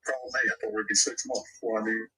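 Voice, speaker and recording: Fast-talking seller with a bright voice, heard over the phone, brief answers. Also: male voice, fairly low pitch, level tone. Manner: brief, matter-of-fact answers. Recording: phone line.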